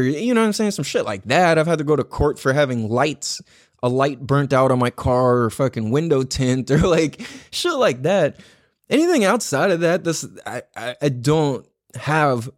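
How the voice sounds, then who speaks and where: Male podcast host, lively pitch, slightly high, swearing casual storyteller, dry close mic. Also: no echo. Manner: profane, rambling, animated storytelling. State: just back from a run.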